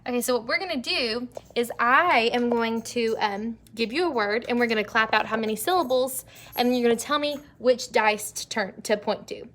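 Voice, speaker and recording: A young woman teacher leading an early-grade phonics lesson, stretching out words slowly and praising the children. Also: on the high side, a bit bright. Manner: slow, drawn-out word modeling, encouraging.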